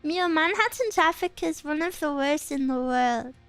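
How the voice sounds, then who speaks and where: With faint music in the background, a young woman from England chats as a streamer, going through viewer comments. She's giggly and rambling, animated as she tells stories, and her voice sits high at a moderate pace.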